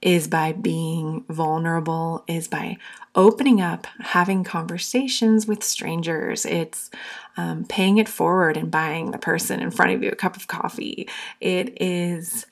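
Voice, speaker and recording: Gravelly-voiced woman hosting a heartfelt podcast. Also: on the low side, fairly even intonation, unhurried. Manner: earnest, open, at times near tears. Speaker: podcast host. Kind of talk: heartfelt solo podcast talk.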